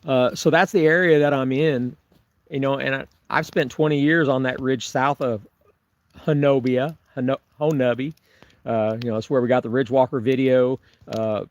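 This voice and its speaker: A man's voice: medium pitch, no room sound. Chatty man rambling on a livestream. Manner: rambling, chuckling, frequent restarts. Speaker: Bigfoot researcher vlogger. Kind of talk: casual livestream chat reading viewer comments. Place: camping on remote forested property.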